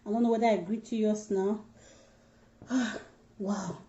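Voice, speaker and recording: A woman's voice: medium pitch, fairly even intonation, a little slow, warm tone, highs cut off. A Nigerian woman hosting a casual livestream, chatting with viewers in pidgin-flavoured English while she eats. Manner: chatty, mixes pidgin, addresses viewers directly. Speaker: livestream host.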